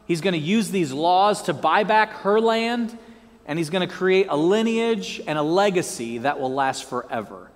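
A male pastor delivers a sermon in a high voice that leaps up and down, breaking into playful asides and asking the congregation to repeat key words after him. His voice rings out with a long reverb from the hall. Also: moderate pace. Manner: lively, joking asides and call-and-response prompts.

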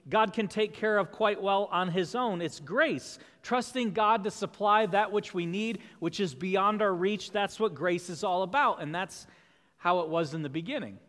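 Guy preaching a sermon, pretty high voice, earnest and questioning, long echo like a church hall. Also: a bit bright. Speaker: pastor.

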